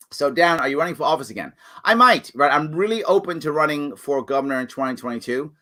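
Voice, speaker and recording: Speaking at a medium pitch, a male host of a live political Q&A show reads viewers' comments and responds with animated earnestness, his delivery swinging between loud emphasis and quiet apology.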